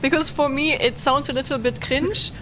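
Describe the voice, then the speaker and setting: German-accented woman streamer, high and bright, rambling and giggly casual chat. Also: fairly even intonation, normal speed, a little hiss or hum. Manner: giggly, rambling with many fillers. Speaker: VTuber host.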